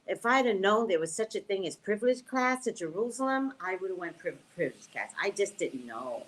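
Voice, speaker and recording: A woman's voice: medium pitch, sing-song, a little fast, a little hiss or hum. A middle-aged woman, a psychic reader, chatting casually with her live-stream viewers, exclaiming and laughing often.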